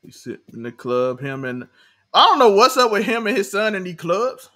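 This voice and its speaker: A man's voice: high-pitched, normal speed. Young guy recapping a tv episode, voice all over the place, laughs a lot, acts out the lines. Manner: animated, laughing, acts out quotes in character voices. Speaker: show co-host. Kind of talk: casual TV recap chat.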